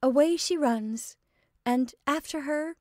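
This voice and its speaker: A woman's voice: a little high, lively intonation, dry recording, studio quality, pitched above the performer's own voice, lightly acted. A woman doing a giggly, flighty young woman. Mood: cheerful. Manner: bright, bubbly, quick to laugh.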